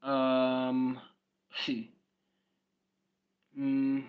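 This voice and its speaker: A young South African man with a Swati background talks casually to his stream at a middle pitch. He is blunt and slangy, and he circles back over his own phrases as he answers comments. The sound is dull and lo-fi. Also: completely flat delivery, extremely slow, smooth. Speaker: livestreamer. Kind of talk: casual livestream chat.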